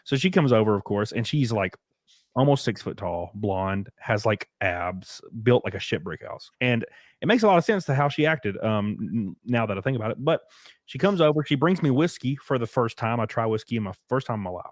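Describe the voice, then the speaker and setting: A man's voice: mid-range voice, expressive, a little fast, dry recording. Rambling crude young man, dry sound. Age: 20s. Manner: rambling, crude, full of fillers and restarts. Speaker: stream host. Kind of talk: casual storytelling on a live stream.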